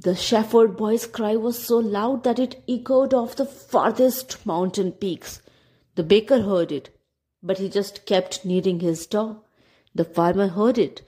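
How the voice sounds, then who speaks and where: A woman narrating a children's story with expressive delivery, dropping to a whisper at tense moments. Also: medium pitch. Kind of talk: storybook reading.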